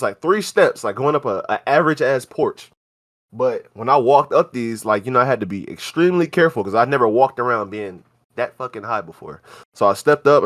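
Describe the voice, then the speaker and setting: A young man, a podcast co-host telling a casual, slang-heavy story and acting out what people said. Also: medium pitch. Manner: animated, slangy, acts out quoted lines.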